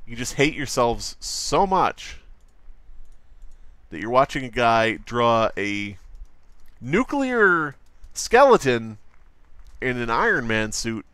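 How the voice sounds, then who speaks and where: A man's voice: medium pitch, slow pace, bright, forceful tone, clean tone, dry recording. A man chatting casually on a live stream while drawing at his desk at home, rambling, jokey and profane, often slipping into mock voices.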